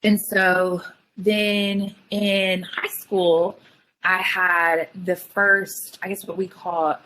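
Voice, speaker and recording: A young woman telling her own story in casual chat, full of "like" fillers and quick retellings. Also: mid-range voice, flat delivery, sharp tone, slight background noise, low-quality recording. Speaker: guest sharing her story.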